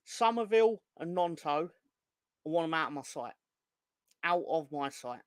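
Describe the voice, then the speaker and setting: A young man hosts a fan live stream with a fairly high, expressive voice at a measured pace, the sound clean and studio-quality with no echo. He rants in an exasperated, sweary way, reads out hellos from chat, and rises into angry outbursts.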